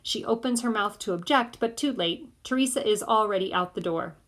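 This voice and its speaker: A woman narrating an audiobook in the first person of a boy, in a measured way. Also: medium pitch, a bit bright.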